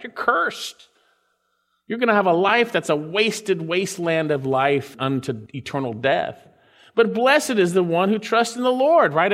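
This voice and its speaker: High voiced guy preaching, stretches out the scripture lines, long echo like a big hall. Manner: preaching with sweeping pitch swings and drawn-out scripture lines. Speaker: pastor. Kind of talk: sermon.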